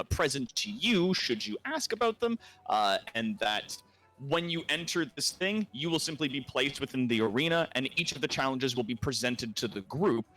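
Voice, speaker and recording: A man narrating a tabletop role-playing game as game master, often pausing on fillers. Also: mid-range voice. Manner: lively, hesitant with fillers.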